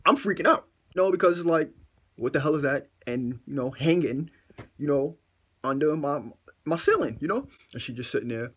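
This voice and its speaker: A man telling a funny story in a casual storytime vlog, excitable and swearing, repeating himself for effect. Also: fairly high pitch, normal speed, husky. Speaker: vlogger.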